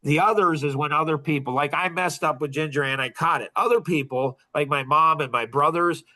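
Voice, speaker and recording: Speaking briskly in a slightly high voice, a middle-aged coaching-group leader shares a personal story. He keeps it casual and lively, with plenty of laughter.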